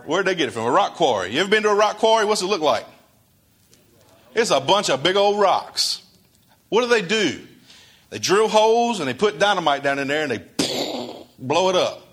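A man's voice: sits high, big pitch swings, moderate pace, a bit bright. A male pastor preaching a sermon in a conversational way, asking his congregation questions and acting out quoted dialogue.

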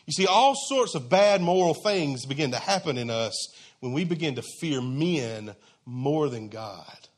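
A man's voice: on the high side, animated, moderate pace, a bit bright, breathy edge. A man preaching a sermon in a conversational, emphatic, folksy way.

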